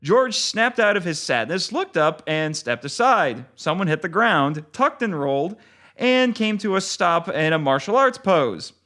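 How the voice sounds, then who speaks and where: Expressive male author reading aloud. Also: high voice, unhurried. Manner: expressive reading, relaxed when chatting. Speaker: author and guest. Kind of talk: reading his novel aloud, then casual chat.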